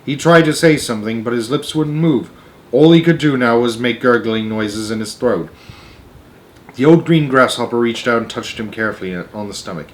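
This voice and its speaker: A man reading a children's book aloud as storyteller, expressive with varied pacing. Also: medium pitch, moderate pace.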